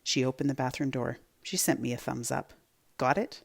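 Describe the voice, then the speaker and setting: Teacher reading a children's chapter book; low, lively voice with some fry. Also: female voice, fairly quick.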